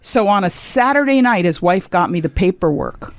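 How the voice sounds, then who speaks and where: A woman's voice: mid-range voice, normal speed, no echo. A woman in her sixties, a comedian telling a story as a podcast guest, acting out the people she quotes. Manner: animated, acts out quoted people.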